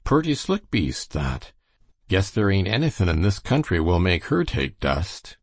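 A man's voice: low-pitched, big pitch swings, unhurried, dry recording, exaggerated voice. A man voicing a folksy, sly horse trader with a rustic drawl in a storybook reading.

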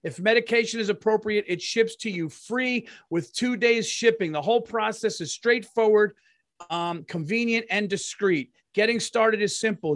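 A middle-aged man with a high-pitched voice co-hosts a podcast in loose, profane chat that breaks into laughter. The sound is dry and close, with no room echo. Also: normal speed, fairly bright tone. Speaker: podcast co-host. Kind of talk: casual podcast chat with ad read.

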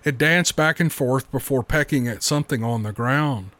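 Steady male storybook narrator. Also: medium pitch, moderate pace, no room sound.

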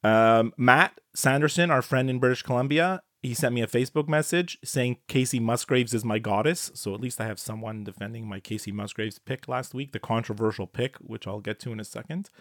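A man co-hosting a casual podcast chat, excitable and quick to laugh, often tripping over his words and restarting. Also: medium pitch, no echo, studio quality. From Canada. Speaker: podcast co-host.

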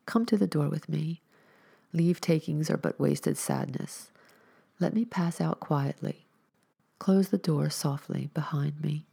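A mysterious male stranger from an old tale, gentle yet quietly commanding, read by a woman storyteller. The voice sits low and gravelly, with slow, solemn phrasing that carries authority. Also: exaggerated voice. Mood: tender.

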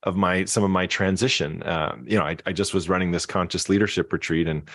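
A man's voice: sits low, fairly even intonation, brisk, dry recording, clean studio sound. A man, a podcast guest speaking reflectively with frequent restarts. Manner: reflective, many restarts and soft fillers. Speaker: podcast guest, singer-songwriter and keynote speaker. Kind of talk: conversational podcast interview.

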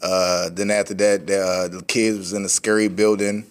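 A man's voice: deep voice, little pitch movement, normal speed. A man co-hosting a casual podcast, recapping a movie scene by scene, swearing freely and laughing often. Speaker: podcast co-host.

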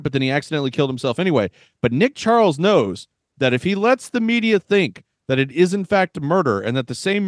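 A man in his thirties co-hosting a podcast, joking about old movies in a wisecracking, animated way and laughing often. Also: medium pitch, no echo, studio quality. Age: 30s. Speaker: podcast co-host. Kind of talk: casual movie-review chat.

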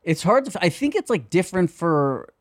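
A man co-hosting a podcast retells stories with energy and acts out every quote he passes on. His voice sits a little high for a man, and the recording is dry and close. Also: fairly quick, dry recording. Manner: animated storyteller, acting out quotes. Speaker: podcast co-host. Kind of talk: casual chat.

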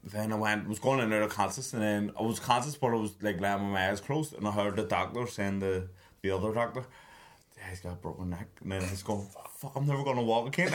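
A man in his twenties telling stories in casual podcast chat, swearing a lot and laughing as he goes. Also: medium pitch.

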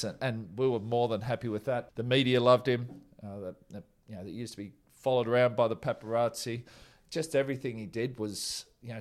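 Relaxed man, forties, yarn-spinning interview guest, mid-pitched voice, easygoing delivery. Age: 40s. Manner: chatty and laid-back, with many restarts. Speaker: former teammate telling stories. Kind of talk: casual anecdotal interview.

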